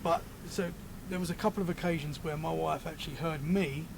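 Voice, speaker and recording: A British man talks casually as a podcast guest, telling stories that ramble and double back as he fixes his words. His voice is gravelly and sits a little high. The recording carries a clear layer of background noise. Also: steady tone, fairly quick. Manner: rambling, self-correcting storyteller. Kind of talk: casual chat.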